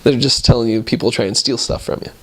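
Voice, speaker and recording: Relaxed man recalling mission life. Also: mid-range voice, fast, breathy edge. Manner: relaxed, rambling, chuckling between points. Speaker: returned missionary. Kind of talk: casual storytelling about mission life.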